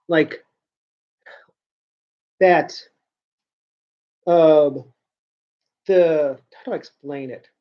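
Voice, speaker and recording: A man's voice: on the high side, a little mellow, highs cut off. A man talking casually to camera in a rambling vlog monologue, often restarting and repeating words. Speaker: vlogger.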